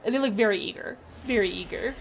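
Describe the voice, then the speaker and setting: A woman's voice: fairly high pitch, fast talker. Woman game master, casual narration with lots of fillers, faint background hiss.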